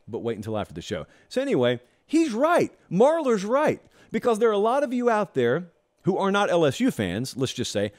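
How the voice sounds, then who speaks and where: A man's voice: mid-range voice, darkish tone. A man hosting a college football talk show, delivering an emphatic, opinionated monologue with sarcastic asides.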